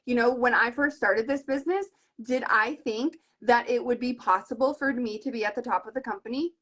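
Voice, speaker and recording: A woman's voice: on the high side, fairly quick. A woman in her thirties, a direct-sales team leader, talking earnestly and with animation in a live video conversation. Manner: earnest and animated, retells conversations in lively voices.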